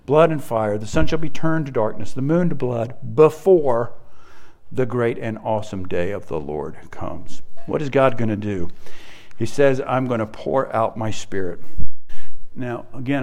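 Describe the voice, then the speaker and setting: A middle-aged man preaching a sermon, animated, acting out scripture quotes and often repeating words as he thinks. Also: mid-range voice.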